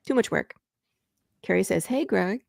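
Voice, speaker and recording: A woman from Michigan hosting a casual talk show, chatty and quick to jump between topics. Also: mid-range voice, vocal fry, darkish tone, no room sound, studio quality. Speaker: podcast host. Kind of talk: casual chat.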